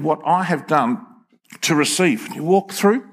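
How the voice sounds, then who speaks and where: An older man preaching a sermon to his congregation, animated and joking, with emphatic peaks. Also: on the high side, a little slow, husky. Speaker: pastor. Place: church hall with congregation.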